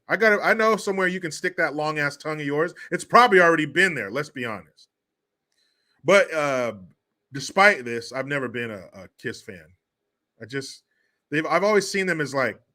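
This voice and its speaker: A man's voice: mid-range voice, sharp tone. A middle-aged man hosting a commentary show, ranting angrily and sarcastically with a lot of swearing while he reads out viewer messages.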